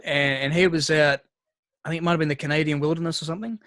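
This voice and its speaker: A man's voice: fairly high pitch, fairly even intonation, quick pace, a bit bright, no echo, studio quality. A man chatting casually on a podcast, telling stories with lots of swearing and restarts. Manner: rambling storyteller, heavy swearing, many restarts. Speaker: podcast co-host. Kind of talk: casual chat.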